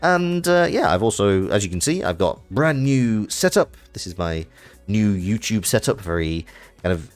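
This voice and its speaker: A man's voice: fairly low pitch, lively intonation, normal speed, faint music behind. A man chatting casually on a live stream while playing a card game, self-mocking and trailing off with fillers.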